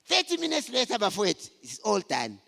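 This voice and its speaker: A middle-aged man speaks to a conference hall in a high, gravelly voice. He tells his stories with lively swings in pitch and bursts of shouting. Long hall reverb hangs on every word. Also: fairly quick. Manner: animated storytelling, shouting for emphasis. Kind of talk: motivational talk to men.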